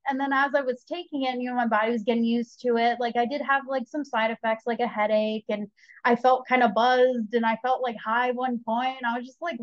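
A young woman telling her own story as a podcast guest, chatty and animated, acting out what she and others said. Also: a little high, no room sound. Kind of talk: candid personal storytelling. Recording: slightly dull lo-fi audio.

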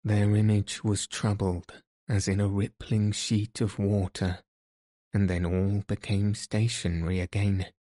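Low slow guy reading a classic novel, dry close sound. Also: no room sound. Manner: slow, even, measured reading. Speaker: audiobook narrator. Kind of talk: scripted narration.

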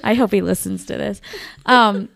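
A woman in her thirties telling stories in a chatty, animated way and swearing freely. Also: mid-range voice, normal speed, vocal fry. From Georgia, USA. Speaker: guest. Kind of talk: casual storytelling.

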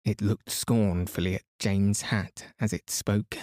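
Slow, calm male bedtime reader. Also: fairly low pitch, dry recording, clean studio sound. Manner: calm, soothing, unhurried. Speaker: podcast host, reader. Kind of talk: slow bedtime story narration.

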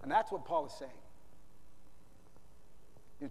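A male pastor preaching a sermon at a conference, telling stories dramatically and swinging between loud and hushed. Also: a little high, huge pitch swings, a little slow, gravelly, long pauses, a little hiss or hum. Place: large conference hall. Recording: reverberant large hall.

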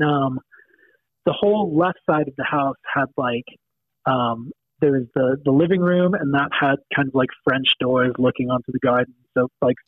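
A man's voice: mid-range voice, dry recording. Mancunian man telling stories over a tinny line. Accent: Manchester English. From England. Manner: rambling, laughing storyteller with many ums. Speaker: podcast guest storyteller. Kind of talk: casual chat. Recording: dry, tinny phone-like line.

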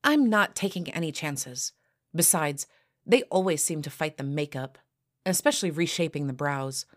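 A woman voicing a bossy young sorority sister who gives orders briskly, in an audio story. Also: sits low, animated. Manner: brisk, commanding.

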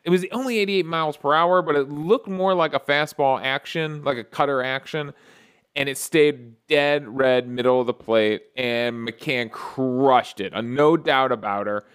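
A man hosting a podcast, recapping a baseball game in a casual solo talk with excited play-by-play storytelling and frequent restarts. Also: mid-range voice, a little slow, clear, resonant tone. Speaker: podcast host.

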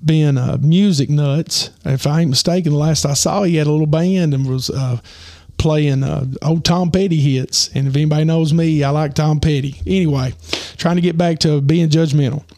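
Man, gravelly, slightly high, rambling storyteller, hoarse. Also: steady tone, normal speed, hardly any pauses, a little mellow, no echo, clean studio sound. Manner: rambling, many fillers and restarts. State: losing his voice. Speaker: podcast host. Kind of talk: casual storytelling.

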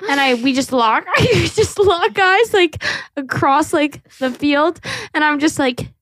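A young woman hosts a chatty podcast, telling her stories with lively quoted voices and frequent laughter. Her voice sits a little high, and the sound is close and dry with no room around it. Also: unhurried, few pauses, no echo. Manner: animated, acts out quotes, laughs often. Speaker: podcast host. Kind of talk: casual chat, storytelling.

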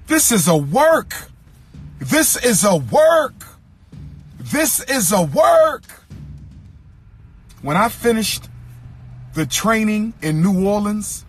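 A man giving an impassioned speech, repeating lines in an emphatic rhythm and sometimes singing or shouting phrases. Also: high-pitched, husky. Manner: occasionally sings or shouts phrases. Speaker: speaker addressing an audience.

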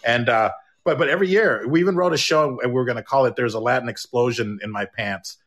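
A man's voice: mid-range voice, fast, fairly bright tone. A middle-aged man hosting a podcast, chatting casually, rambling with many restarts and jokes. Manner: rambling, stumbling restarts, joking. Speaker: podcast host and comedian.

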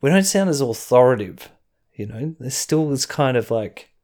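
A man's voice: mid-range voice, animated, normal speed, a little mellow. Chatty Australian man recapping wrestling. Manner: chatty, rambling, chuckling asides. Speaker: podcast host.

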